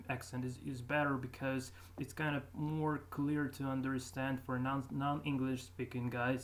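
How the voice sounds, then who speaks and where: A man commenting casually on his own old videos, talking hesitantly with many fillers and restarts. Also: mid-range voice. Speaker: YouTuber reviewing his own accent progress. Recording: steady background noise.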